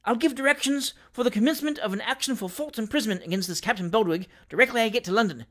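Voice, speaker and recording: Brief: man reading as a bewildered old gentleman, high and flustered, in a storybook reading. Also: quick pace. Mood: indignant. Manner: flustered, indignant exclamations. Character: bewildered plump elderly gentleman.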